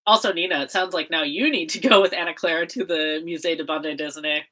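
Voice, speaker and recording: A woman's voice: deep voice, fast talker, bright, forceful tone. A young American woman chatting casually on a livestream, bubbly and giggly, full of fillers and laughter. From United States. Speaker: livestream host.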